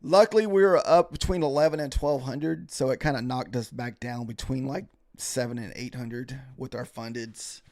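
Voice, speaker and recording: A man's voice: mid-range voice, moderate pace, few pauses, no echo, studio quality. Tired man commentating a trading stream. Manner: relaxed, rambling, thanks followers by name. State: tired, yawning. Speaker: livestream futures trader. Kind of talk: casual live-stream commentary.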